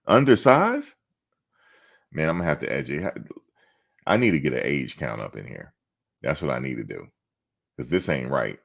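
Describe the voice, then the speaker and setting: A man with a very deep, gravelly voice hosts a sports livestream. He talks casually and answers the comments as they come in, teasing the chatters and pushing back at them. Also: sing-song, moderate pace, pauses often. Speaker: sports channel host. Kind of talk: casual livestream chat, reading viewer comments.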